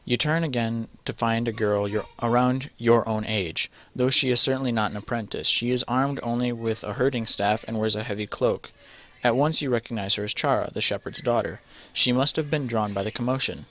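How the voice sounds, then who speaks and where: A man's voice: lowish voice, moderate pace, fairly bright tone. A man reading a text adventure game aloud, stumbling over names and breaking off for joking asides. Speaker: let's player.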